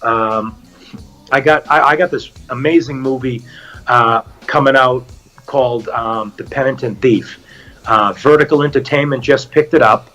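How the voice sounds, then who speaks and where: A man's voice: medium pitch, measured pace, soft background music. A middle-aged man with a Boston accent, an actor guest chatting casually and telling stories. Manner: animated storyteller, acts out quotes. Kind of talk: casual chat.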